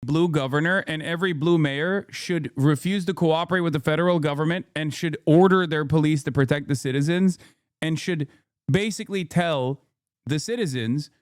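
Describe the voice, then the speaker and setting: A male streamer with a fairly high voice reacts to news clips, launching into heated, sarcastic rants and mocking impressions. The sound is studio quality with no echo.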